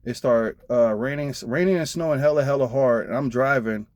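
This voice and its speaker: A man's voice: mid-range voice, brisk, darkish tone, no room sound, muffled recording. Trucker dude ranting about his old trainer, aave, lots of cussing, dry close mic. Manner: profane, blunt, heated. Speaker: truck driver vlogger. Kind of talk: casual storytelling rant.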